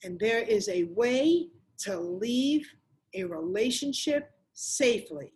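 A woman's voice: mid-range voice, expressive, slow, a little mellow, poor audio. A middle-aged woman giving an emphatic motivational talk to viewers and repeating phrases for effect. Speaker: motivational coach.

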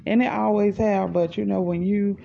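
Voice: medium pitch, fairly even intonation, creaky, warm tone, slight background noise. A podcaster in their forties, talking at work in a casual, rambling monologue and thinking aloud. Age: 40s. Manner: slow, unhurried, thinking aloud. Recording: dull lo-fi voice message.

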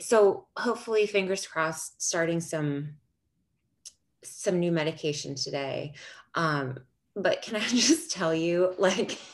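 Woman, casual chat, expressive storyteller with lively swings in pitch, frequent laughs and cursing. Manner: animated storytelling, swearing, laughing often.

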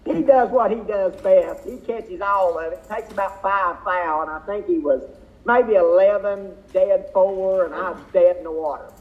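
A man, a drag racer, telling racing stories in a folksy, rambling way as an interview guest. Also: high voice. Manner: folksy, drawn-out storytelling with fillers. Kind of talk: casual storytelling interview. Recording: tinny phone-like line.

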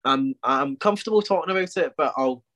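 A man's voice: a little high, animated, fairly quick, a bit bright. A man, a sniffly podcast guest getting over a cold, talking in an eager, upbeat way. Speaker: guest, wrestler and promoter. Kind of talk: casual chat.

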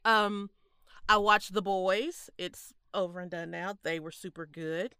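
A woman co-hosting a casual chat podcast, emphatic and quick to laugh. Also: medium pitch, clean tone, dry recording, clean studio sound. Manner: animated, laughs often, emphatic. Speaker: podcast co-host.

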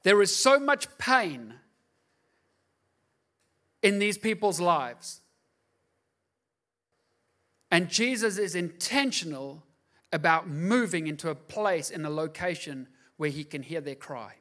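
Male pastor, high bright voice, casual joking sermon delivery. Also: lively intonation, measured pace. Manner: conversational and joking, asks the crowd "right?".

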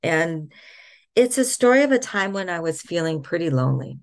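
A middle-aged woman telling a personal faith story as a podcast guest, soft-spoken with thoughtful pauses. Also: fairly low pitch, very animated, gravelly.

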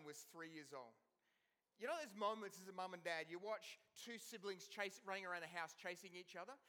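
A man, preaching a sermon to a church and telling stories with animated swings between loud and hushed. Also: high voice. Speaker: pastor.

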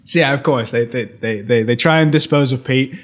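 A man's voice: mid-range voice, brisk, a little hiss or hum. A British man co-hosting a film podcast, recapping scenes in a rambling casual way, laughing often and restarting his sentences.

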